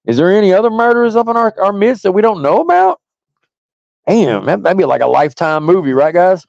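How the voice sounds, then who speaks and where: A man with a fairly high voice ranting to his stream audience, profane, mocking and combative. The sound is dry and close, with a slightly dull lo-fi quality. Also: animated, brisk, creaky, darkish tone, dry recording. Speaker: stream host. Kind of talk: ranting monologue.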